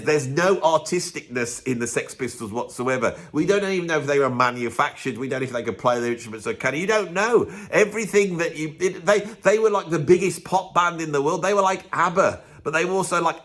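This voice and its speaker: A man's voice: a little high, lively intonation, brisk, few pauses, fairly bright tone. A man hosting a music channel, delivering a grumpy, emphatic, opinionated rant to camera in a casual way. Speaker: music video host.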